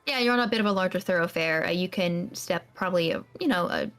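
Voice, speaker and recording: A woman's voice: on the low side, fast talker, a bit bright. A woman narrating as game master, describing scenes in a rambling way with many fillers.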